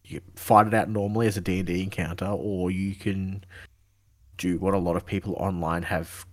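A man co-hosting a casual gaming podcast, telling animated stories, swearing freely and acting out characters' lines. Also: deep voice, brisk. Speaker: podcast co-host. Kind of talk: casual chat.

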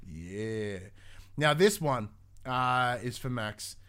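A young adult man, co-hosting a casual gaming news podcast in an animated, swearing, restart-filled way. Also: mid-range voice, extremely slow, clean tone. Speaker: podcast co-host.

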